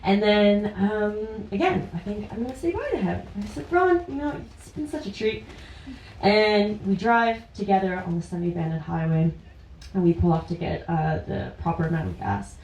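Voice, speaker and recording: A woman's voice: medium pitch, normal speed, darkish tone, lo-fi sound, slight background noise. A woman tells a true story on a small live stage, chatty and often laughing through her words. Her voice sits mid-range and is caught from a distance. The room around her rings back with echo. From Ontario, Canada. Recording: roomy, distant live-venue sound.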